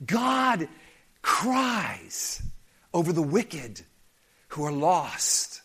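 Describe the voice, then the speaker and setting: Male pastor, high tenor, emphatic and impassioned sermon delivery. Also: huge pitch swings, drawn-out words, gravelly, pauses often, pushed and bright, breathy edge. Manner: impassioned, emphatic preaching with dramatic quoted voices.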